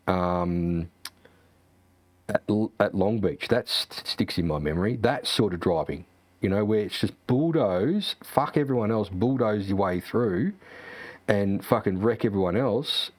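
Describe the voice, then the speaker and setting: A man's voice: fairly low pitch, darkish tone, dry recording. A man, a sim racing streamer, chatting casually and ranting with lots of profanity and fillers. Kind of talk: casual chat.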